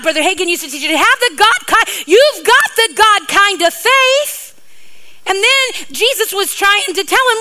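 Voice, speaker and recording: A woman's voice: extremely high pitch, animated, unhurried, sharp tone, low-quality recording. A middle-aged woman preacher giving a sermon, playful and joking, with rambling asides to her congregation.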